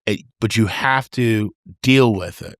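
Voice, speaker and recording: A man's voice: on the low side, a little slow, no echo, studio quality. A man, a firefighter co-host on a podcast, speaking in plain, reassuring casual chat.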